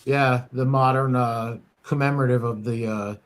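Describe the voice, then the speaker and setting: American guy chatting on a coin podcast, lots of ums and restarts, average pitch. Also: steady tone, moderate pace. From United States. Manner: rambling, many fillers and restarts. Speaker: coin dealer podcast host. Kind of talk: casual shop talk podcast.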